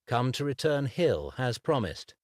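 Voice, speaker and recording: A man voicing a composed, inquisitive gentleman magician who asks crisp, probing questions. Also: medium pitch, big pitch swings, a little slow, no echo, clean studio sound, voice pushed up.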